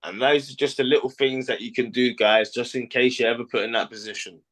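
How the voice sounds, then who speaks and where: A man's voice: medium pitch, steady tone, a little fast, a bit bright. A man on a casual podcast who keeps agreeing, answering "absolutely" again and again.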